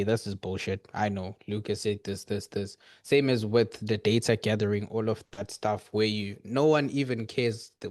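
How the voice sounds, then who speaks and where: A man's voice: lowish voice, darkish tone, no room sound, clean studio sound. A man on a group coaching call, speaking earnestly and rambling, with frequent restarts. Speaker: coaching client.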